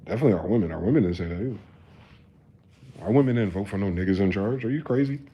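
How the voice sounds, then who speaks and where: A man in his thirties giving a rambling, profane live-stream monologue, moving between quiet musing and loud ranting. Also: on the low side, expressive, racing, husky, muffled recording.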